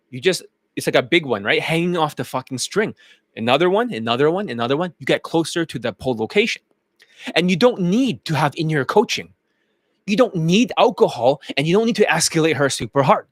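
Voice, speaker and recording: A man's voice: on the high side, a bit bright, dry recording, studio quality. A man talking as a dating coach in a brash, boastful monologue, swearing freely. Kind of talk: casual promotional monologue.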